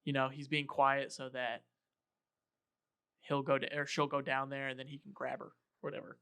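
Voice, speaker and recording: A man's voice: medium pitch, normal speed, creaky, clear, resonant tone. A man hosting a casual podcast, animatedly retelling a film scene by scene. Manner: animated storytelling, acting out quotes. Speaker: podcast host. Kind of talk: casual chat.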